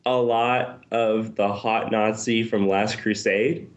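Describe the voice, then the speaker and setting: Slow-talking man, dull lo-fi sound. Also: fairly low pitch, level tone. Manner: rambling, self-correcting. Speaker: podcast guest. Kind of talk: casual chat.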